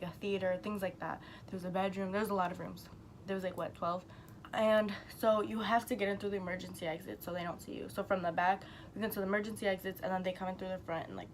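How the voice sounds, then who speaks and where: A woman's voice: mid-range voice, rough recording. Young woman vlogger, rambling storyteller, mid-range voice, faint hiss behind. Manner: chatty and rambling, heavy use of "like", swears casually. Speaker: YouTuber telling a story. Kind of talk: casual storytime vlog.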